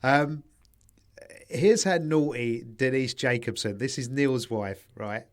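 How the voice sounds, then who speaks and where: A podcast co-host speaks slowly in a mid-range voice during a casual chat. He swears freely and tells anecdotes, doing quoted voices for the people in them.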